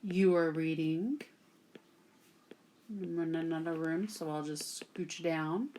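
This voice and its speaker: A woman's voice: low-pitched, takes it slowly, darkish tone, a little hiss or hum. A woman from Texas, teaching a classroom grammar lesson at a whiteboard and patiently checking in with "okay?" after nearly every point. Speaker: Latin teacher.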